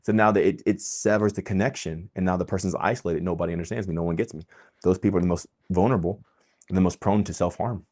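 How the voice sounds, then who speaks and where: A man giving an impassioned, preachy monologue as the host of his own channel. He talks emphatically, swinging between loud bursts and quiet asides. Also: low-pitched, fairly even intonation, quick pace. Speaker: vlogger host.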